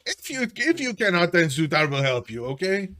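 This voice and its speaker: A man voicing a boastful, show-off male hobgoblin who talks in a loud, puffed-up way. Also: sits high, sing-song, normal speed, pitched above the performer's own voice, full character voice. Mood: bossy.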